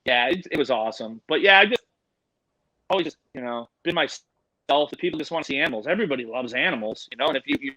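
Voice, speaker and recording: A man telling animal-handling stories in a casual, animated, profane way. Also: medium pitch, fast talker, no room sound, poor audio. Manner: animated, profane, acts out quotes.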